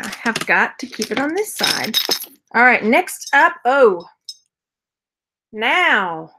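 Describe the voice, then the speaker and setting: A woman's voice: a little high, a bit bright. A woman casually chatting through a jewelry unboxing haul as a reseller vlogger, rambling, laughing often and answering viewer comments. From Texas.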